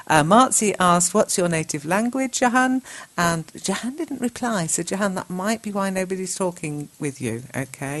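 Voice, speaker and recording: Low-voiced middle-aged woman teaching english, reads out chat comments, patient, spells out every capital and full stop. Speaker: English teacher and show host. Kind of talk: reading out chat comments and correcting them.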